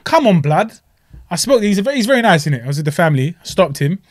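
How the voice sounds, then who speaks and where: A young man, co-hosting a casual podcast chat in slangy, animated bursts with frequent restarts. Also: high-pitched, very fast. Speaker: podcast co-host.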